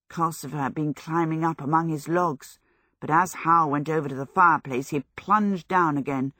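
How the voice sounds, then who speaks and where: Here a woman narrates a storybook as audiobook material, her low voice unhurried and measured. Her delivery has a consistent storytelling cadence, captured close and dry without any echo or sense of space.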